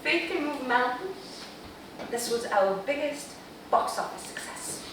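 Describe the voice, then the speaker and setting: An actress playing a witty, self-mocking glamorous film star in a staged theatrical monologue, laughing often. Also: female voice, high voice, expressive, very echoey, distant mic, noisy background. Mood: wry. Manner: wry, playful, laughing often, drawn-out delivery.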